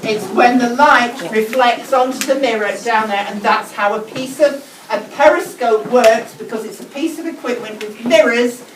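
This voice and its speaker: Brisk English woman teaching a class. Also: a little high. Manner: brisk, instructive, repeats key words slowly. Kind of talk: whole-class teaching demonstration. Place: school classroom. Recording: echoey classroom, distant mic, noisy.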